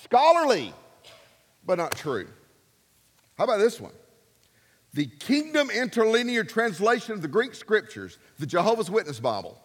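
A man preaching a sermon, emphatic and animated, swinging between loud and soft. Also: sits high, normal speed, pauses often, big-room sound. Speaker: pastor.

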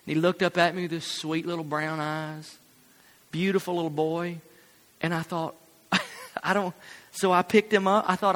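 Man, preacher, bright ringing voice, lively storytelling, church hall reverb. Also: high voice. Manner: animated storytelling, laughing at his own jokes. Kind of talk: sermon with personal story.

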